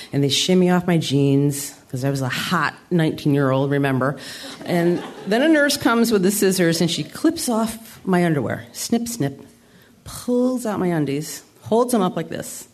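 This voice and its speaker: A sixty-something Adirondacks woman from New York stands on a theater stage and entertains an audience with a humorous story that pokes fun at herself. She speaks at a normal speed in a low, slightly mellow voice with lively intonation.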